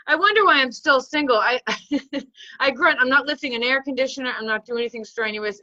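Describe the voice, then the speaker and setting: A woman in her forties, a comedian rambling through self-mocking stand-up bits with a deadpan delivery. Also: on the high side, normal speed, dry recording, lo-fi sound. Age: 40s.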